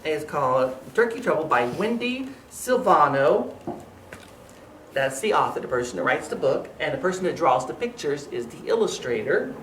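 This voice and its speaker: A man's voice: fairly high pitch, very animated, normal speed, fairly bright tone, far from the mic, a little hiss or hum. A man, a children's librarian, reading a picture book aloud for young children in a sing-song storytelling way. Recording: roomy, from off the mic.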